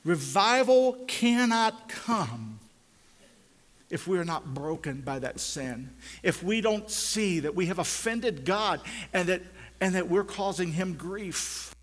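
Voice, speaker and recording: An older man preaches a sermon with a somewhat high voice. His delivery rises into loud, fervent climbs and drops to hushed, low pleading. A long reverb from the hall trails after his words. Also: measured pace.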